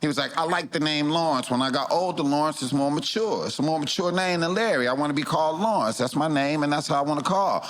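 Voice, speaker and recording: A man's voice: fairly high pitch, fast talker, few pauses. A middle-aged comedian telling a loose, slangy story in casual chat, often laughing as he talks. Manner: loose, slangy, laughs through his lines.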